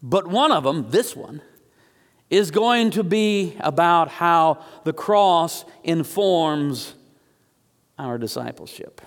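A man preaching a sermon as pastor, telling the story in an animated way and slowing down to stress key phrases. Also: on the high side. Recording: echoey hall.

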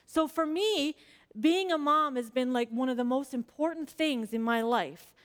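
A woman in her forties speaks to a congregation with earnest, chatty warmth of story. Her voice sits a little high for a woman. She leans on casual fillers as she tells her stories and prays. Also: a little slow. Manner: frequent fillers like "like". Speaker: church speaker. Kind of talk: personal sermon with prayer.

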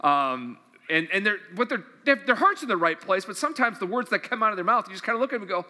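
Male preacher, conversational sermon delivery, high and bright, long reverb of a hall. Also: animated, quick pace. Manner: earnest, conversational preaching with repeated questions. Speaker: pastor.

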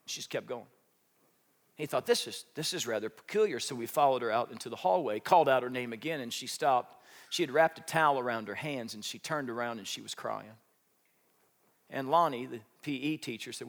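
Gravelly preaching man in a hall. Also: medium pitch, fairly quick. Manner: animated preaching, rising to loud emphasis. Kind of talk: sermon storytelling. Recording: long hall reverb.

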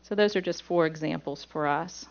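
A woman's voice: deep voice, moderate pace, highs cut off. Woman teaching a Bible lesson. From Pittsburgh. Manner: reads scripture aloud, then explains it plainly step by step. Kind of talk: Bible lesson with scripture reading.

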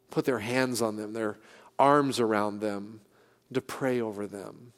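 A middle-aged man from the San Francisco Bay Area, preaching a sermon in a church in an earnest, conversational way, pausing and restarting as he speaks. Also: mid-range voice. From San Francisco Bay Area, California. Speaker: pastor. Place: church sanctuary. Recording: long hall reverb.

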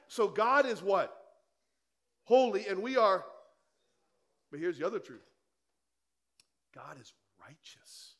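A man's voice: high voice, a bit bright. A male pastor preaching a sermon in a conversational way, firing rhetorical questions at the congregation in church.

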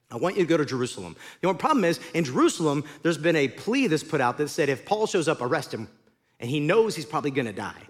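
A man preaching a sermon as pastor, in an animated, conversational storytelling way. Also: a little high.

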